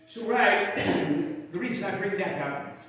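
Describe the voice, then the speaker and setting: A man's voice: sits high, animated, slow, fairly bright tone, slight background noise. A man with an Irish accent performing in character as an Irish Union soldier, telling stories and singing with folksy, rambling asides to the audience. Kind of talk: storytelling in character, with sung songs. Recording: echoey hall, mic far off.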